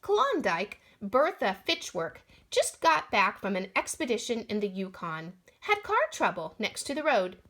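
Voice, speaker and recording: Expressive woman reading a picture book. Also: mid-range voice, a little slow, hardly any pauses. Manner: expressive, sound effects in voice. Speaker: storyteller. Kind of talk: storybook read-aloud.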